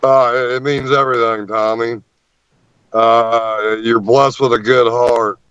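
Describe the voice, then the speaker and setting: This man speaks slowly as an interview guest telling a story, his middle-pitched voice clear and resonant. Animated, he often stumbles on repeated words, while the recording sounds muffled and dry with zero room echo.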